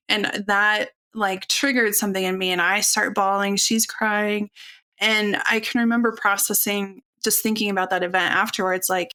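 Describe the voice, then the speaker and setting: A woman in her forties speaking openly and earnestly as a podcast guest, telling a personal story in a relaxed, conversational way. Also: mid-range voice, moderate pace, smooth. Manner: open, earnest, conversational with fillers. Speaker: podcast guest, functional nutritionist.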